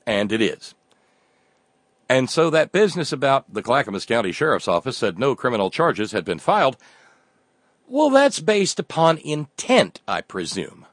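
A male commentator delivers a sarcastic satirical monologue with a lively, swinging pitch. He stammers and restarts his phrases often. The sound is dry and close. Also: moderate pace, no echo.

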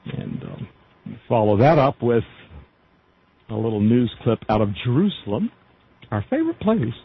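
A man's voice: medium pitch, lively intonation, measured pace, slightly rough. A man hosting a casual news show, reading articles aloud with many fillers and asides. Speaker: podcast news host. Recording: dull lo-fi audio.

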